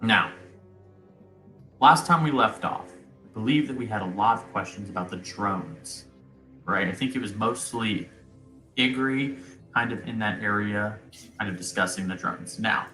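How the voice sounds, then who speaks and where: A man narrating a tabletop game as game master in a relaxed, rambling way. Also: lowish voice, measured pace, long pauses, reverberant, faint music behind. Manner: laid-back, rambling with fillers.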